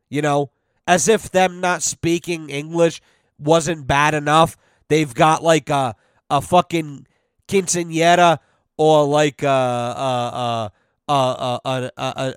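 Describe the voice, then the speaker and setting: A man's voice: fairly high pitch, smooth, no room sound, clean studio sound. A man hosting a podcast, telling a rambling, profane story in a wry, casual way. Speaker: podcast host.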